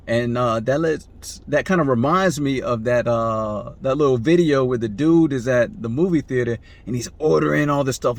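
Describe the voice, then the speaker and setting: A man giving relationship advice in a casual monologue, often asking "right?" and acting out the people he quotes with sudden jumps in pitch.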